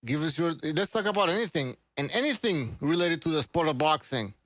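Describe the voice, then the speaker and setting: A man hosting a casual livestream podcast, hyper and loud, repeating himself often. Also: a little high, lively intonation, fairly quick, a little hiss or hum. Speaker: podcast host.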